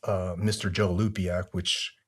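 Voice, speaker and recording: A man being interviewed, telling long relaxed stories with many fillers. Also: deep voice, measured pace, a little hiss or hum. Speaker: interview guest, former soldier. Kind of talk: conversational interview storytelling.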